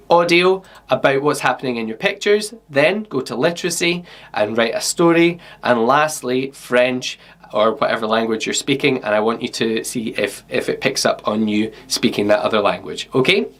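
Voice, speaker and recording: A Scottish man giving a relaxed online workshop to pupils, explaining each step in a chatty, instructive way and often filling pauses with okay and um. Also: mid-range voice. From Scotland. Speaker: teacher.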